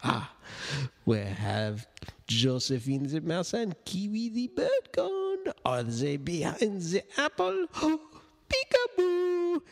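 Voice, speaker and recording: A man reading a children's board book aloud with theatrical gasps, sudden whispers and wry deadpan asides. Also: a little high, takes it slowly, gravelly, in a large hall. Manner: theatrical, gasping, dropping to whispers and making animal noises. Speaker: reader of children's books. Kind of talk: playful read-aloud of a baby's board book.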